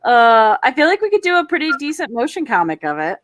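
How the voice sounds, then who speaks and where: A woman in her thirties hosts a relaxed drawing stream, talking freely and poking fun at herself. Her voice sits a little high. The sound is dry and close, with no room around it. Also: fast talker, no echo. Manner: chatty, self-deprecating, laughs often. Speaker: stream host. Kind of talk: casual chat while drawing.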